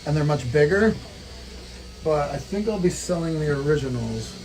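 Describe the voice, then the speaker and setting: A man's voice: fairly high pitch, lively intonation, moderate pace, a little mellow, poor audio. A man working as a tattoo artist, chatting casually on a livestream and teasing with dry jokes.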